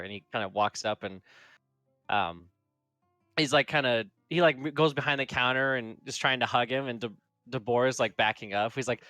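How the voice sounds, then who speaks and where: A man narrating a tabletop game as game master, rambling with lots of fillers and slipping into quick character quotes. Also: medium pitch, pushed and bright, no room sound. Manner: rambling, full of fillers like "like" and "kinda".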